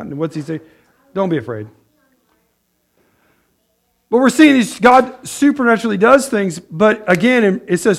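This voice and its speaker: A man preaching a conversational sermon as a pastor, chatty and joking, often checking in with the room with "right?". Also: on the high side. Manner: chatty, asks the room "right?", laughs at own jokes.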